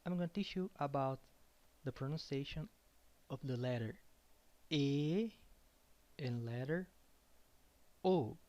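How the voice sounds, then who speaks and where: Slow man teaching pronunciation. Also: mid-range voice, dark tone, highs cut off. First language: Portuguese. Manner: slow, repeats each word several times. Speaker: language teacher. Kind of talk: pronunciation lesson.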